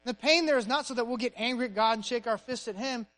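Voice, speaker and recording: A male pastor preaching a sermon, punching key phrases and dropping to a soft, hushed voice in prayer. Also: extremely high pitch, fast, poor audio.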